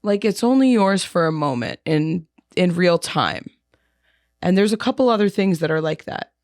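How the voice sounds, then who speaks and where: Young woman, low voice, laid-back podcast chat, laughs a lot, dry close mic. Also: animated, moderate pace, darkish tone, dry recording. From New York area. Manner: laid-back, laughs often, many fillers. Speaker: podcast co-host. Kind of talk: casual chat.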